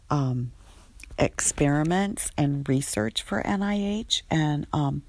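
A woman tells a personal story slowly and chattily, in a lowish voice. She laughs often, fills pauses with um and sometimes drops to a whisper, and the sound is dry and close. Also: darkish tone, dry recording. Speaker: former treatment patient telling her story.

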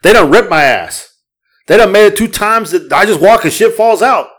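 A man's voice: sits high, animated, normal speed, fairly bright tone. Profane ranting male podcast co-host. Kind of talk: casual podcast chat.

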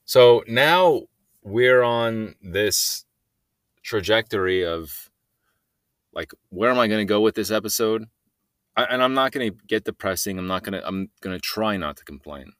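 A man's voice: fairly low pitch, expressive, unhurried, fairly bright tone, clear, resonant tone, no room sound, studio quality. A man hosting a solo podcast, rambling and joking in a meandering way and trailing off mid-sentence. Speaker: podcast host.

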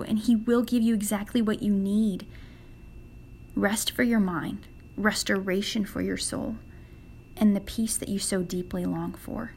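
Young woman, earnest devotional talk, conversational, mid-pitched voice, podcast host. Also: moderate pace, a little mellow, slight background noise. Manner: earnest and conversational, acts out quoted prayers.

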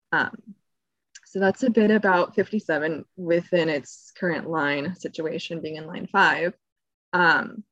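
A fairly low-pitched woman talks casually as a podcast co-host, chatty and quick to laugh, often wandering off on tangents. Her voice is close and dry, with almost no room sound around it. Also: fairly bright tone, dry recording, muffled recording. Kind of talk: casual explanatory chat.

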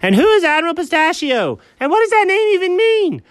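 A man voicing Alfred, an excitable, fussy cat who gets flustered and objects to everything in a comedy sketch. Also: no echo, full character voice. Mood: indignant. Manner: squeaky, indignant, quick to object. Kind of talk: comedic two-character sketch.

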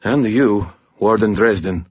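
A regal, stern woman captain gives orders with unshakable authority, as a male narrator puts her on. The voice is husky and pitched up from the reader's low register. The sound is dry and a bit dull. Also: unhurried, darkish tone, dry recording. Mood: weak, urgent. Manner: commanding, authoritative. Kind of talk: audiobook character voice.

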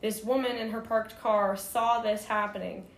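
Chatty woman with a high voice. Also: normal speed. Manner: animated, retells with quoted dialogue, many fillers. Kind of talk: casual storytelling chat. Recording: roomy echo with faint background noise.

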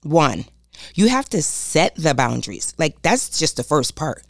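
A woman's voice: sits low, very animated, measured pace, creaky, dry recording, clean studio sound. A woman giving a motivational talk on boundaries, preachy and emphatic, repeating her key points and speaking straight to her listeners. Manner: addresses listeners directly as "y'all". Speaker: self-help speaker.

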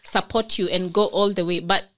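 A woman's voice: lowish voice, steady tone, moderate pace. A young Kenyan woman with a Kenyan accent, hosting a casual podcast chat and explaining her points earnestly. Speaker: podcast host.

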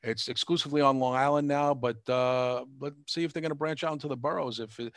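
A podcast host with an ordinary mid-range voice and fairly even intonation talks fast, rambling through plugs and filling gaps with lots of uh's. The chatty delivery is recorded dry and close, with no echo or room sound.

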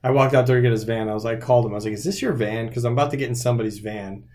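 A man's voice: medium pitch, racing, a little mellow. A man in a casual chat who makes dry, wisecracking remarks.

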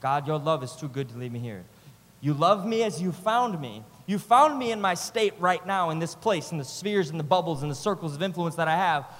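A man preaching a sermon with passion, swinging between loud urging and quiet, close moments, using repetitive rhythmic phrasing. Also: fairly high pitch, lively intonation, fairly quick. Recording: long hall reverb.

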